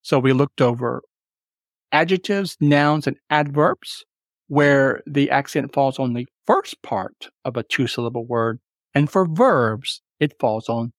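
A man teaching English exam tips in a recorded webinar, explaining clearly and spelling things out slowly. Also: a little high, animated, dry recording, studio quality.

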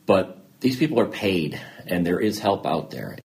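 A man's voice: sits low, moderate pace, vocal fry. A middle-aged man, a TV news anchor speaking candidly as an interview guest and acting out both sides of old conversations. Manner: animated, acts out both sides of quoted dialogue. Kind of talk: candid personal storytelling.

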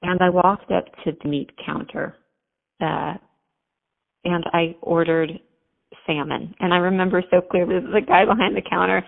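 A woman's voice: fairly low pitch, level tone, normal speed, gravelly, big-room sound. A woman guest telling a heartfelt personal faith story in an earnest, chatty way. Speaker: podcast guest. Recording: tinny phone-like line.

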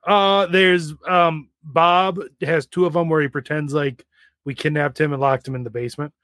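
A man co-hosting a casual podcast chat, telling dry, deadpan jokes between his stories. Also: a little high, normal speed, no room sound. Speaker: podcast co-host.

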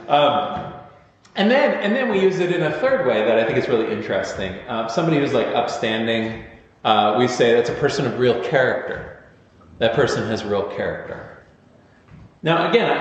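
A man's voice: medium pitch, slight background noise. Male pastor preaching in an echoing hall. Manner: informal, storytelling, self-deprecating asides. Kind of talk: conversational sermon. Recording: echoey hall, dull lo-fi sound.

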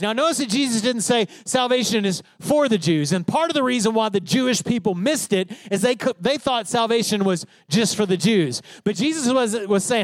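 A man with a notably high voice delivers a sermon, leaning hard on key phrases and asking his listeners whether they are with him. The sound is close and dry, with no room around it. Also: expressive, normal speed, hardly any pauses, no echo. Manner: emphatic preaching, stresses key phrases, checks in with listeners. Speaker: pastor.

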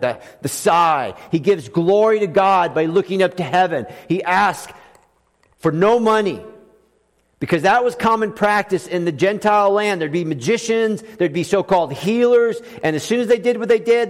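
A man preaching a sermon as pastor, swinging between loud emphatic lines and soft hushed ones. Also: on the high side. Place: church sanctuary. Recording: long reverb of a church hall.

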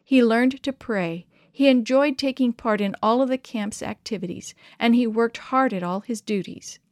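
Woman reading a kids' bible story, expressive, dry close mic. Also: on the high side, normal speed, no echo.

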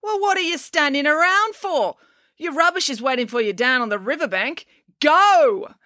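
A woman's voice: medium pitch, expressive, measured pace, a bit bright, no room sound, voice pushed up. A woman voicing a smug female camp leader who gleefully announces a hard challenge, in a dry, close recording. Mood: commanding.

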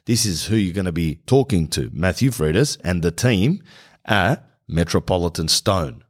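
A man's voice: sits low, animated, moderate pace. A man hosting a podcast, rambling in slangy comic monologue and reading an ad. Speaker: podcast host. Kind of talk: comedic podcast monologue and host-read ad.

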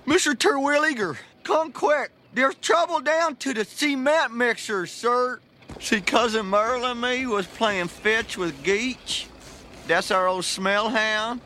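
A dim-witted southern yokel from a cartoon. He speaks with an American Southern accent in a very high, slow, bright drawl. A faint hum sits under the voice. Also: heavily acted. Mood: urgent.

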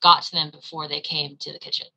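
A woman's voice: low voice, little pitch movement, fast talker, pushed and bright, rough recording. A woman co-hosting a casual true crime podcast, blunt and swearing freely. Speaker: podcast co-host, storyteller. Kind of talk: casual chat.

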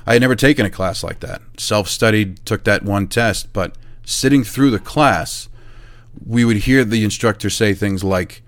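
A middle-aged man who owns a chimney service business tells a casual, animated story about his early work. He acts out the exchanges he describes and laughs at himself. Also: on the low side, moderate pace. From New Hampshire, USA.

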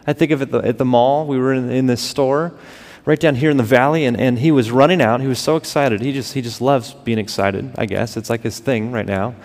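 A man in his thirties preaching a sermon, swinging between loud emphasis and hushed, drawn-out words. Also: medium pitch. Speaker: pastor. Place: church sanctuary. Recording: long hall reverb.

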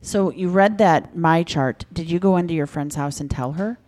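A woman interviewing a guest, asking gentle, empathetic questions. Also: fairly low pitch, normal speed. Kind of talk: casual interview.

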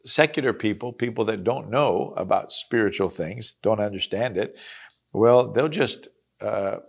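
A man's voice: on the low side, a little slow, vocal fry, slightly rough. A man reading scripture aloud and explaining it in an earnest, conversational teaching style. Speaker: Bible teacher.

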